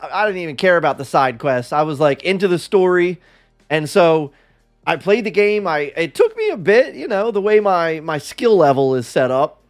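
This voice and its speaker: A man livestreaming in a casual chat, rambling and self-deprecating as he talks with his viewers. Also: on the high side.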